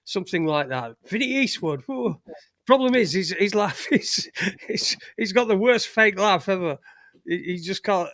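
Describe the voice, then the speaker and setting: A man's voice: high voice, lively intonation, moderate pace, a bit bright, no echo, clean studio sound. A man hosting a casual live show, reading out chat comments with blunt, sweary banter and laughter. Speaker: podcast host.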